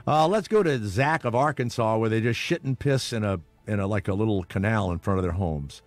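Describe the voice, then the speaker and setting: A man's voice: lowish voice, a little fast, faint music behind. A man from Louisiana hosting a call-in radio show, ranting in a rambling, profane, opinionated way. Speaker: radio talk show host.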